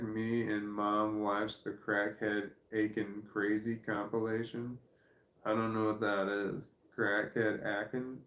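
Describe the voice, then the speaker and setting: Gravelly man rambling through chat comments. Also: lowish voice, echoey room. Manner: rambling, laughs often, reads comments aloud. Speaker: livestream host reading chat. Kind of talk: casual livestream chat.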